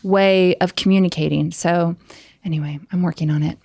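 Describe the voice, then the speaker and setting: A woman's voice: fairly low pitch, moderate pace, gravelly, dry recording. A woman guest on a podcast, chatting and telling stories with frequent laughter, recorded on a studio mic. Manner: laughs often, animated storytelling. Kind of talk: casual interview chat. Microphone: studio headphones and mic.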